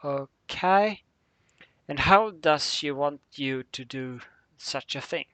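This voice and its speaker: A man's voice: a little high, slow pace, sharp tone, dry recording. Man reading a friendly young bat pony mare. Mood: worried. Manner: hesitant, uh-filled speech.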